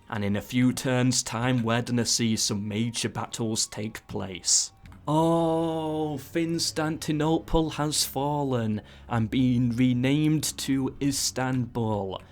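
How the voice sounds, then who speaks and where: A man giving casual play-by-play commentary on a strategy game, breaking into excited asides. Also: mid-range voice. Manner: excitable, frequent "ooh"s and asides.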